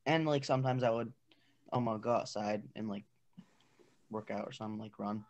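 A man's voice: on the low side, fairly quick, darkish tone, dull audio. A teenage boy co-hosting a student podcast, talking casually and hesitantly with many fillers. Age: teens. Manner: hesitant, filler-heavy, reluctant to perform. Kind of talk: casual chat.

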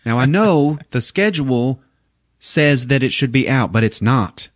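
A man voicing an exasperated male prison warden, halting and overly formal. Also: medium pitch, expressive, no echo, clean studio sound, voice pushed up, lightly acted.

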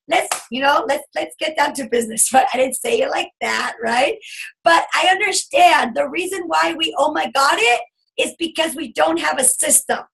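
A woman giving an animated sales coaching talk over a video call, acting out bubbly chatter as she teaches. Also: high-pitched, normal speed, vocal fry, low-quality recording. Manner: animated, acts out bubbly customer chatter in a squealing voice. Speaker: guest speaker coaching a sales team.

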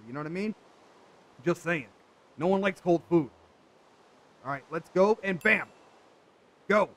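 Young male gaming host, higher voice, loose running commentary straight to viewers. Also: fairly bright tone, low-quality recording. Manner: chatty, talks to viewers, jokey asides. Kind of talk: casual let's play commentary.

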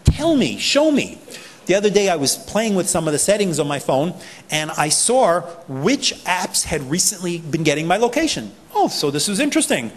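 A man with a New York accent gives a lively talk, his voice sitting a little high for a man. He plays out other people's reactions as he goes. The sound rings with a long reverb, as in a big lecture hall. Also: moderate pace. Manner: animated, acts out people's reactions. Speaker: privacy advocate speaker. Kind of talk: conference talk.

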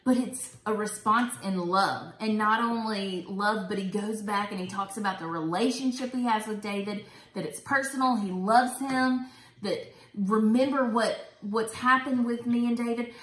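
A woman's voice: mid-range voice, moderate pace, a bit bright. A woman hosting a casual Bible study talk, chatty and enthusiastic. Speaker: host. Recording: roomy echo.

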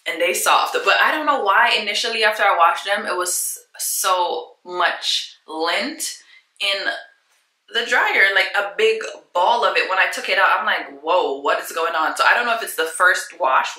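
Bright, chatty woman vlogging at home. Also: medium pitch, moderate pace, reverberant, low-quality recording. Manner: chatty and effusive, talks straight to viewers. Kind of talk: casual home vlog chat. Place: room at home.

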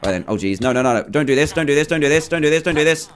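Excitable lively gaming commentator man. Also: on the high side, faint music behind. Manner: excitable, quick to exclaim and laugh, repeats phrases. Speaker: gaming YouTuber. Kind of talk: live gameplay commentary.

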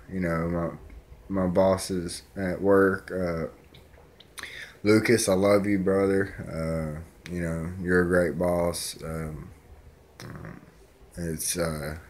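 A man speaking in a casual, rambling vlog message, sincere and full of fillers. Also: low voice. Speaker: vlogger.

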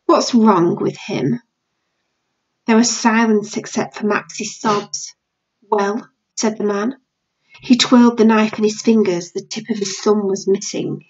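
A woman's voice: medium pitch, flat delivery, normal speed, darkish tone, muffled recording. A British woman teacher reading a novel aloud to her class.

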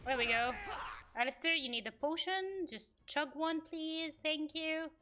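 A woman's voice: sits high, unhurried, bright, forceful tone. A young woman streaming a video game live, venting her exasperation at the characters as she plays. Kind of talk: live gameplay commentary.

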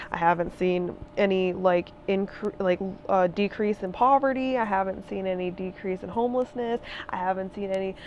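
A woman's voice: medium pitch, highs cut off, slight background noise. A woman in her twenties ranting in a vlog, heated, emphatic and profane, hammering her points with repetition. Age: 20s. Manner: repeats phrases for emphasis. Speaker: vlogger. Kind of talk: ranting monologue.

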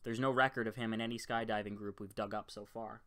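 A man's voice: lowish voice, fairly even intonation, quick pace, fairly bright tone, close to an everyday voice. Dry clipped security guy on the radio, read by a man, audiobook. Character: dry, businesslike male airport security chief.

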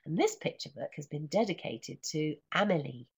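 A woman teacher trainer reads a picture book aloud over a computer microphone, breaking off to explain it. Her low, breathy voice swings widely in pitch, and she chants the refrain in a sing-song way. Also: lively intonation, normal speed. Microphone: computer microphone in an online session.

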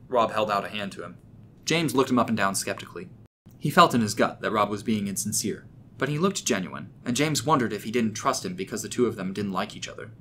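Male narrator for scripted horror, low pitch, crisp bright tone, steady delivery. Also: brisk, a little hiss or hum.

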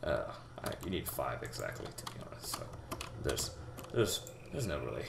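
A young man giving a rambling, halting game tutorial, full of fillers and restarts, talking as if out of breath. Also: very deep voice, big pitch swings, vocal fry. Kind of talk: casual gameplay tutorial. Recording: echoey room with loud background noise. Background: keyboard typing and mouse clicks.

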